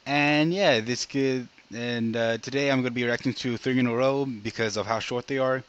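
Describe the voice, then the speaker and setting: A man's voice: medium pitch, fairly even intonation, clean tone, muffled recording. A man hosting a reaction video, chatting casually in an easygoing way. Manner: easygoing, chatty, quick to laugh along.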